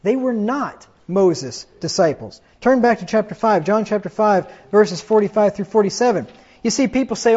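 A man with a high voice preaches a fiery sermon, reading scripture and mocking his critics. The recording is dull and lo-fi, like a church tape. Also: expressive, moderate pace, a little mellow, slightly rough. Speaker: pastor.

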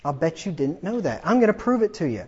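A man's voice: high-pitched, very animated, fast, warm tone, husky, muffled recording. A man preaching a sermon from the pulpit, emphatic and combative, often repeating himself for force. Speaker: pastor.

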